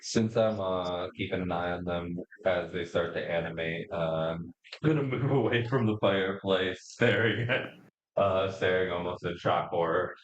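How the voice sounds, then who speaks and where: A man plays his character in a tabletop session, hesitant and full of fillers. His voice sits on the lower side, and the recording is echoey. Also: moderate pace, highs cut off. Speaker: player.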